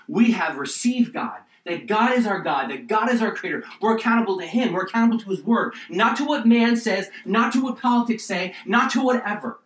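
A man preaching a sermon as pastor, passionate and swinging between loud emphasis and quiet appeals. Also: high voice. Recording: roomy echo, distant mic.

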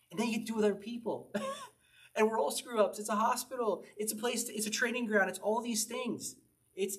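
A man leading an evening Bible study as pastor, reading psalms aloud and explaining them in a loose, conversational way, often laughing. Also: sits high. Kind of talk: informal Bible study teaching.

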